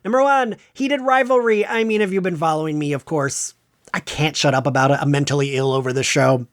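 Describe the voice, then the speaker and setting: A man hosting a podcast, counting down his favorite shows of the year in a casual, gushing, enthusiastic way. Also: a little fast. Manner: gushing, enthusiastic fan talk with excited jumps in pitch. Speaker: podcast host. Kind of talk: casual pop-culture countdown monologue.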